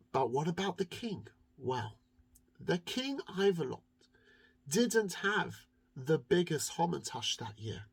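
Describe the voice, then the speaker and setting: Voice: mid-range voice, slow, creaky, slightly rough. Storyteller doing a kids' holiday tale, voice goes all over the place, stretches words for effect. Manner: lively, expressive, draws words out for effect. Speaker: children's storyteller. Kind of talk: animated children's story telling.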